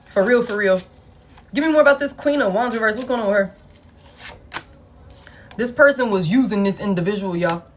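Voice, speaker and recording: A woman giving a collective tarot reading, blunt, profane and animated, talking straight to her viewers. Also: mid-range voice, brisk, pauses often, slight background noise. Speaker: tarot reader.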